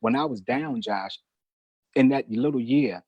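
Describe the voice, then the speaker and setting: A man's voice: mid-range voice, unhurried, no echo, highs cut off. A middle-aged man telling a personal testimony in an emphatic, preacher-like way, often calling the host brother. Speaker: guest, newspaper manager.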